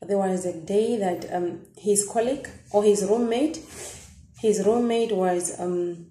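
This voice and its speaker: A young woman with a Namibian accent, telling viewers a personal story in a halting, emotional way with many restarts. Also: medium pitch, mellow. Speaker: vlogger. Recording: echoey room.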